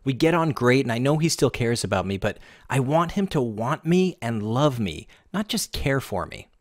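A man's voice: medium pitch, very animated, moderate pace, dry recording, clean studio sound. A man voicing a sobbing, desperate married woman, pleading shakily through tears. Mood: tearful. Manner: tearful, shaky pleading.

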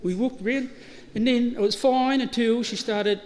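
A man's voice: very high-pitched, fairly even intonation, moderate pace, darkish tone. A middle-aged Australian man giving a eulogy, telling funny stories with laughter and acting out the dialogue. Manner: anecdotal, laughing, acts out dialogue. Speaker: eulogy speaker. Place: funeral service hall. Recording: reverberant hall, faint ambient noise.

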